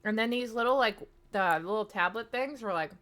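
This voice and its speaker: A woman's voice: on the high side, brisk, fairly bright tone. A woman in her thirties chatting casually to her live-stream audience, rambling with plenty of fillers. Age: 30s.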